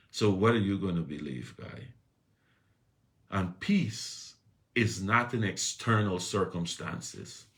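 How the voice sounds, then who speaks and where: A man giving an inspirational morning talk, preaching with repetition and loud emphatic peaks. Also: low-pitched. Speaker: inspirational speaker.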